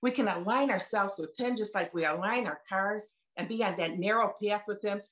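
A woman in her seventies gives a personal faith testimony as a guest speaker over a video call. Her voice is medium-pitched, moderately paced and fairly bright, and she's chatty and folksy, replaying conversations with emphasis.

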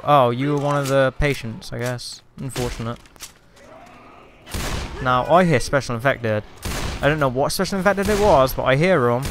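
A man's voice: medium pitch, a bit bright. A man giving chatty, sarcastic gameplay commentary, taunting enemies as he goes. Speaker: let's play host.

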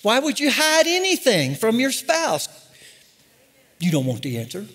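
An older man preaching in an unusually high, lively voice that climbs and drops with his emphasis. He takes his time, landing each point slowly and with passion, breaking into humorous asides. A long reverb from the large hall trails behind him. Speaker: pastor. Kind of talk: sermon.

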